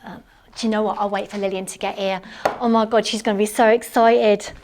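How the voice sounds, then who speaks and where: A woman playing a chatty, cleaning-obsessed housewife in a live one-woman comedy monologue, gushing and excitable, full of rambling asides. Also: mid-range voice, fairly quick, noisy background, natural voice. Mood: gushing chatter. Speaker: stage comedy performer. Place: theatre stage.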